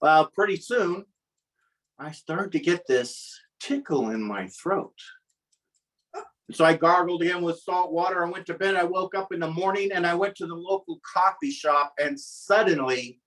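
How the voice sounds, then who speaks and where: A man's voice: sits high, moderate pace, a bit bright, recorded from a distance, low-quality recording. A man telling a comic personal story at a live storytelling event, wry and self-mocking.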